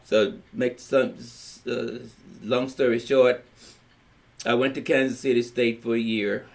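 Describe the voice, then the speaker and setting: A man's voice: mid-range voice, level tone, a little slow, vocal fry. Older man, Louisiana accent, rambling family storyteller, plain-spoken. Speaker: family elder telling his story. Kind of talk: storytelling in a family history recording.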